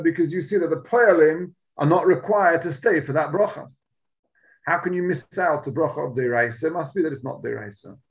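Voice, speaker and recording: Guy giving a talmud class, kinda high voice, explains every line with punch. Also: low-quality recording. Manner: explains Aramaic text line by line in English, emphatic. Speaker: Talmud teacher. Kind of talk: Talmud lesson.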